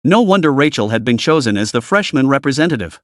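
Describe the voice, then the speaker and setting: A man narrating a fantasy story recap in a steady, dramatic storytelling manner. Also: medium pitch, fast talker, dry recording, studio quality.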